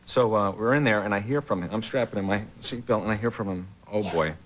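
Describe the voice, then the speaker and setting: A man, a guest comedian on a television talk show, telling a rambling anecdote with many pauses and uhs. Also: on the low side, crowd noise. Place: television studio with audience.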